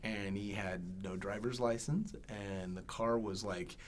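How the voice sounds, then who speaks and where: A man hosting a podcast who tells a personal story in casual chat and gets loud when he acts out other people. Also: lowish voice, steady tone, measured pace. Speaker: podcast host.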